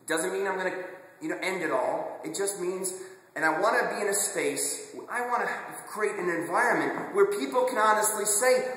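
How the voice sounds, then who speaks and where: A man's voice: high-pitched, moderate pace, pushed and bright. A man speaking earnestly and with passion in a personal confessional monologue, often repeating words as he restarts his sentences. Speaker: video blogger. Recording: very echoey room with long reverb.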